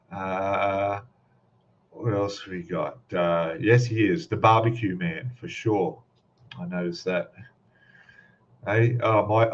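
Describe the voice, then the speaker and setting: Chatty Australian man on a dull mic. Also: deep voice. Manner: chatty, greets viewers by name with many fillers. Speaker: host of a live stream. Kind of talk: casual live-stream chat.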